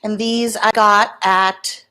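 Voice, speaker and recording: A woman's voice: mid-range voice, level tone, takes it slowly, pushed and bright, clear, resonant tone. A woman in her fifties, chatting casually and rambling as she talks to her viewers by name at home. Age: 50s. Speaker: beauty vlogger. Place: home in Florida.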